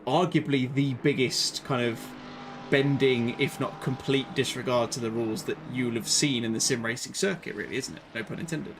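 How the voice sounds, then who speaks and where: A chatty, rambling man commentates on a live sim racing stream, mid-pitched and easygoing. He laughs easily and drifts into side stories. Steady game noise sits behind his voice. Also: normal speed. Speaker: race commentator.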